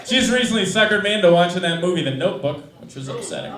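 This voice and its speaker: High-voiced man doing stand-up. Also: fast talker. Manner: dry, deadpan delivery that builds to loud yelling. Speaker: stand-up comedian. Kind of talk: stand-up set. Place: comedy club stage. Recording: roomy, distant live club recording with loud crowd. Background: loud audience laughter.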